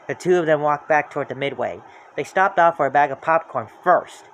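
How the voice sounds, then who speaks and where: A storybook reader narrating a children's book aloud in a lively, expressive way. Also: medium pitch, a little fast, slight background noise.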